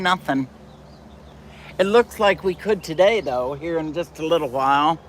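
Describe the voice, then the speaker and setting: A man's voice: on the high side, expressive, moderate pace, fairly bright tone, a little hiss or hum. A man hosting a casual livestream, chatting and answering viewer comments aloud. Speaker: livestream host. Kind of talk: casual live chat.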